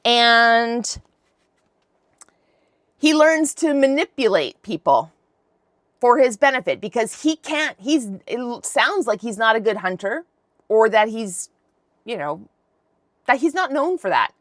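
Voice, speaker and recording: Woman host, high voice, dry close sound, chatty, slangy, wry asides. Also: fairly bright tone, no room sound. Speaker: podcast host. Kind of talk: casual Bible retelling.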